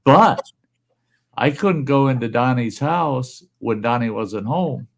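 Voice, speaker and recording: A man's voice: mid-range voice, animated, slow pace, vocal fry. A man telling a folksy tale in casual chat, acting out the voices of the people in his stories.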